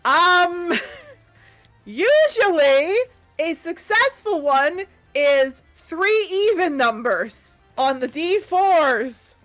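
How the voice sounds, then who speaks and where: High-voiced woman running a tabletop game. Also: sing-song, drawn-out words, fairly bright tone, soft background music. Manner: laughing, chatty, addresses the audience. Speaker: game master.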